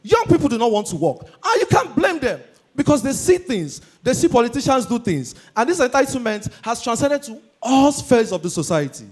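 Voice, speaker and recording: A young Nigerian man doing a high-energy stand-up comedy routine on stage, shouting his punchlines and slipping into Pidgin. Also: sing-song, normal speed, slightly rough. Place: live comedy stage before an audience.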